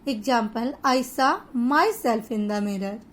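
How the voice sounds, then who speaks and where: A woman with an Indian English accent teaching an online grammar lesson, explaining slowly and deliberately with pauses. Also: on the high side.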